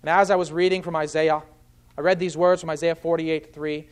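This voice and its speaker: A man's voice: a little high, level tone, fairly quick, clean tone. A man preaching an expository sermon, earnestly explaining scripture point by point. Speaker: pastor.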